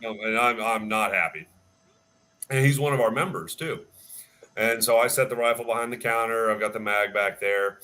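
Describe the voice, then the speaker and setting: A firearms instructor tells a story in a casual, animated way and fills it with ums and restarts. His voice sits fairly low but has a bright, forward edge. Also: normal speed. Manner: animated storyteller, many fillers. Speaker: firearms instructor and range staff. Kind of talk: casual storytelling on a live chat.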